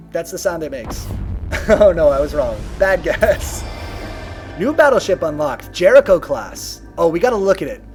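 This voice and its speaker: A man's voice: high-pitched, darkish tone. A man streaming a video game live, chatting casually, reading game text aloud and humming to himself, his voice a little worn.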